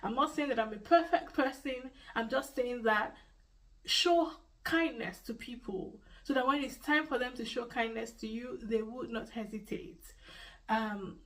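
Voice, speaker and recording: A woman with a Nigerian accent tells her own story to the camera in earnest. She repeats key phrases to stress them. Her voice sits somewhat high, and she is a little way back from the microphone. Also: measured pace, recorded from a distance, low-quality recording. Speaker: vlogger. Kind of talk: personal storytelling vlog.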